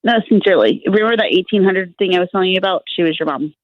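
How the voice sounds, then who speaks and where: A woman's voice: on the low side, racing, dry recording. A woman calling in as a guest medium, talking earnestly in a casual podcast chat, circling and repeating herself as she explains. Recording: tinny phone line, dry.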